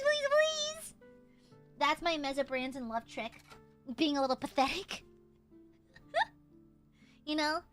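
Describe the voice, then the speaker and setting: A woman's voice: high-pitched, a bit bright. A young woman streamer chatting casually and teasing her viewers in a playful, goofy way. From United States.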